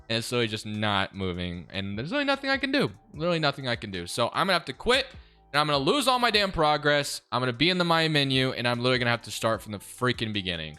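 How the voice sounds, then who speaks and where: Young male gaming host, casual exasperated commentary, animated and slightly high-pitched. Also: quick pace, clean tone, faint music behind. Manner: casual, exasperated, sarcastic about the game. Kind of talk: video game commentary.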